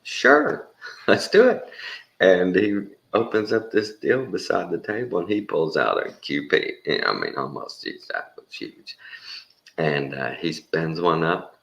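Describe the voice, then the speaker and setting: A man's voice: deep voice, a little slow, creaky, a bit bright, muffled recording. A man telling a rambling, folksy anecdote in a casual way, sprinkled with mild swearing. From Texas. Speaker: storyteller.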